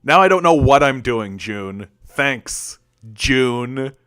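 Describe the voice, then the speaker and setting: A Canadian man hosts a casual political commentary livestream, speaking directly to his chat in a smooth, clear, mid-range voice that's animated, slow and fairly bright. Recorded dry and close to the mic with no room sound, he rambles, often restarts sentences and leans on filler words.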